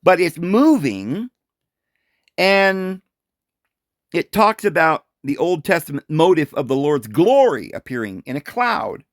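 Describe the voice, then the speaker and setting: Speaking high and with big swings in pitch, a man teaches the Bible casually, peppering his commentary with rhetorical questions and little laughs. He comes across as lively and animated. The audio is dry and up close, with no surrounding space.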